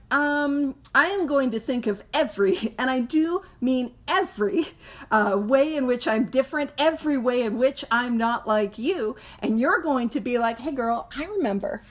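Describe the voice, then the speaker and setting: Chatty high-voiced woman, laughing often. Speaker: podcast host leading a recovery book study. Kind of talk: casual recovery talk.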